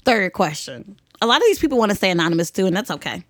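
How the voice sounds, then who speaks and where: A woman's voice: mid-range voice, very animated, quick pace, a bit bright, no echo, studio quality. A young woman hosting a podcast, giving blunt, profane advice in casual chat and laughing often. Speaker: podcast host.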